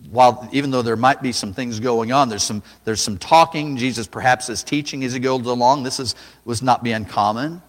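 Man preaching in a reverberant hall. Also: mid-range voice. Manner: dramatic, rises to loud cries when quoting. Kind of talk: sermon.

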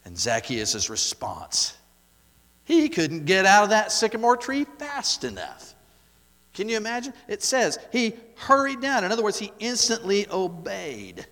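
A male pastor preaches with a lively, swooping voice that sits a little high for a man. He asks his listeners questions and hammers his points with repetition, dropping almost to a murmur and then rising again. A long reverb hangs behind him. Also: a little slow. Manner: rhetorical questions, emphatic repetition, wide swings in loudness. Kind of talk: sermon.

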